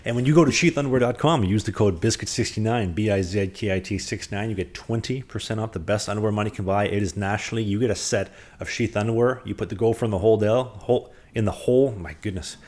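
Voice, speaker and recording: A man co-hosting a podcast, talking sports fast and cracking jokes through an ad read. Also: fairly low pitch, a little mellow. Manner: fast, joking sports talk. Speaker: podcast co-host. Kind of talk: casual chat and sponsor read.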